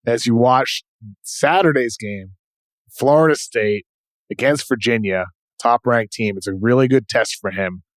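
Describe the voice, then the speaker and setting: A man with a New England accent hosting a podcast, running through quick notes and correcting himself. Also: medium pitch, no room sound. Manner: brisk rundown of notes, self-correcting. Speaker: podcast host. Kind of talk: casual podcast segment hosting.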